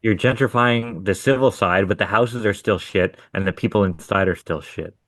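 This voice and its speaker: A man's voice: on the low side, moderate pace, fairly bright tone, dry recording. A man co-hosting a podcast, telling stories about his contracting work in a laid-back, profane way. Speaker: podcast co-host, hardscape contractor. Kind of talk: casual chat.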